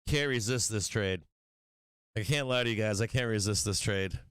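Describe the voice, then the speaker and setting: A man's voice: lowish voice, moderate pace, fairly bright tone, clear, resonant tone, no echo. A man hosting a stock trading live stream, talking casually, swearing and venting frustration about his trades.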